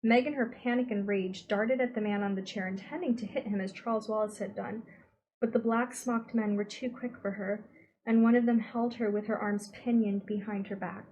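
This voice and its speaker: A woman reading a novel aloud as an audiobook narrator, giving the dialogue expressive voices. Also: medium pitch, normal speed, poor audio. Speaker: audiobook reader.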